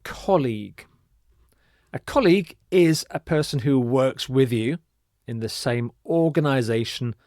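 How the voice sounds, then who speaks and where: A man teaching an English vocabulary lesson, speaking slowly and repeating words with careful, emphatic pronunciation. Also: medium pitch, a little mellow, dry recording, clean studio sound.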